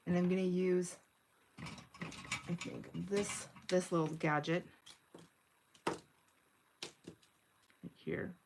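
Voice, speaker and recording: A woman's voice: on the low side, fairly even intonation, drawn-out words, pauses often, background noise. Chatty older woman crafting live. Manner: chatty, giggly, thinks aloud while working. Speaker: craft livestream host. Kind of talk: casual crafting livestream chat.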